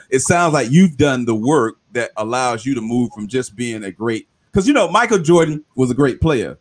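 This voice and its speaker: A male podcast host in a relaxed interview, his voice moving lively up and down as he jokes and teases. He sometimes drops into a low, mock-serious tone to make a point. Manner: playful, joking, drops his voice low for effect. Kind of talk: casual interview chat.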